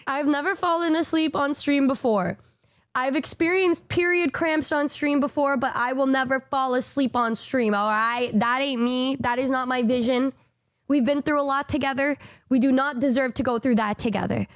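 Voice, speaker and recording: A woman's voice: sits high, moderate pace, no room sound, studio quality. A young woman streaming live, chatting casually and rambling, jet-lagged and sleepy, swearing freely.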